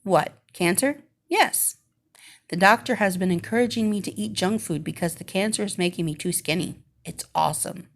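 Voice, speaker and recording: A woman's voice: fairly low pitch, moderate pace, vocal fry. A woman reading a story and voicing an adult woman in the hospital who jokes and teases her friends. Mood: joking. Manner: wry, teasing, coughing.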